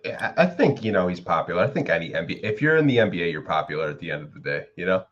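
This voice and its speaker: A man with a very low voice talks in a loose, rambling way, packing his sentences with "like" and "you know". He sounds like a co-host on a casual sports podcast. The audio is a bit dull and lo-fi. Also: lively intonation, very fast, a bit bright.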